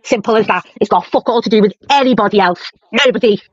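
A middle-aged woman in a heated livestream argument, shouting angrily, swearing heavily and defending herself over a video call. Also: medium pitch, fast, no echo. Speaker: livestream participant. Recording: dull lo-fi dry stream audio.

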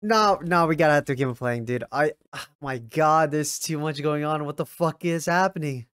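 A young man giving casual reaction commentary while watching an anime episode. He swears often and breaks into loud, excited yells. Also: a little high, normal speed, clear, resonant tone, no echo, studio quality.

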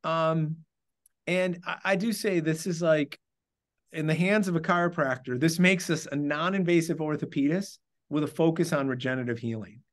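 A man's voice: on the high side, normal speed. A man giving a casual presentation as a trainer for a clinic device, hesitant with many fillers as he runs through figures.

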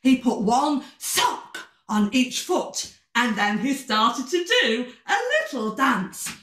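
Woman, children's storyteller, sing-song, high voice, slow, a bit distant from the mic. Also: roomy sound. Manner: animated, gasping, sing-song. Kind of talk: storybook read-aloud for children.

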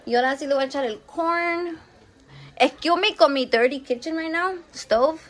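A woman's voice: high voice, a little fast. A woman hosting a casual cooking video in her home kitchen, swearing freely and mixing Spanish and English in a jokey, candid way. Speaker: cooking vlogger.

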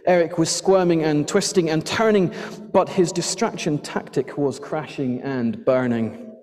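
A man reading a rhyming children's story aloud in a church, lively and expressive. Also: on the high side, a little slow. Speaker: church children's address leader. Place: church sanctuary. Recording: long church reverb.

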